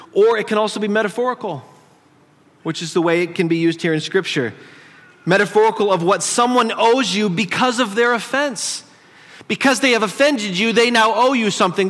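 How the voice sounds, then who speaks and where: A man's voice: sits high, a bit bright, long reverb tail. A male pastor preaching a conversational sermon in a church, teasing his congregation as he teaches. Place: church sanctuary.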